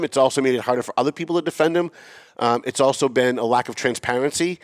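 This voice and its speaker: A man's voice: medium pitch, no echo, clean studio sound. A man hosting a local politics podcast, blunt and opinionated, rambling with restarts. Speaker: podcast host. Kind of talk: casual local politics talk.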